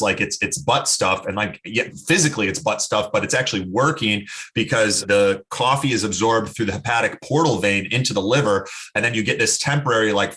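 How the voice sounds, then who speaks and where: A man with a fairly low voice that still comes across bright and pushing, like a guest warming to his story. He tells it in an animated, casual way, full of "like" and quick asides. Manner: animated storyteller, many "like" fillers. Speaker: podcast guest, health expert. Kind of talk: casual interview talk.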